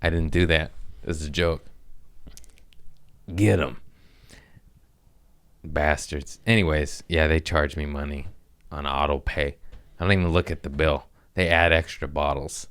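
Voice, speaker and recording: A man hosting a comedy podcast, rambling in casual chat while high, self-mocking and breaking into fits of laughter. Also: fairly bright tone. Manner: giggly, stoned, self-mocking with bursts of laughter.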